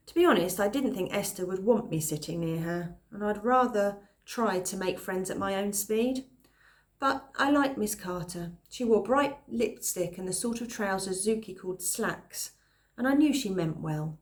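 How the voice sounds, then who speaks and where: A woman reading a children's novel aloud at a calm pace, pausing now and then to explain a phrase. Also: medium pitch. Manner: calm, pauses to explain words. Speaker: reader.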